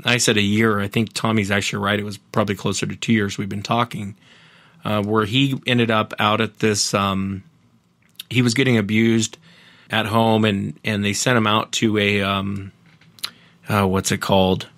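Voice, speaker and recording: Male podcast guest, low-pitched, earnest, rambling retellings in a dry, close recording. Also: flat delivery, normal speed, a bit bright, no room sound. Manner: earnest, retells others' encounters at length. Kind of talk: casual storytelling interview.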